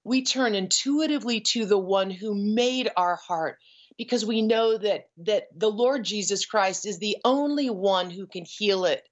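A middle-aged woman shares her story as a guest, earnest and emotional, with frequent pauses. Her voice sits in a middle pitch, and the audio is dull and lo-fi. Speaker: guest, ranch founder. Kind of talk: personal testimony.

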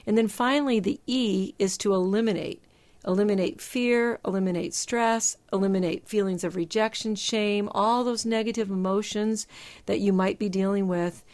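A middle-aged woman talking as a Christian psychologist, explaining step-by-step advice in a measured, emphatic teaching manner. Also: medium pitch, a little mellow. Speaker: Christian psychologist and show host. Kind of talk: faith-based advice talk.

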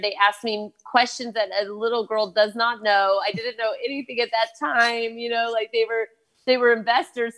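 A woman's voice: on the high side, fairly bright tone. A woman earnestly telling her personal faith story, laughing here and there and using fillers like "you know, like". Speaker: guest telling her testimony.

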